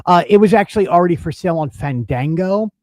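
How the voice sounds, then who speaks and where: Casting: upbeat male co-host, slightly high voice, dry close mic, casual banter. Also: expressive, fast talker, darkish tone, no room sound. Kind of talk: casual podcast chat.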